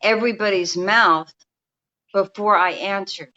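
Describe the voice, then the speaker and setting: A bright-voiced New York woman in her fifties, a guest energy healer, speaks over a remote call in a casual storytelling interview. At medium pitch and an unhurried pace, she rambles, restarts often and talks confidingly; the audio sounds dull.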